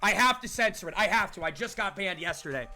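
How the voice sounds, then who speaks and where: Young guy streaming a game, really high bright voice, super hyped, yelling at chat, game music in the back. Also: expressive. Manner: hyped, shouting at chat, rapid exclamations. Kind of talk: excited live-stream commentary.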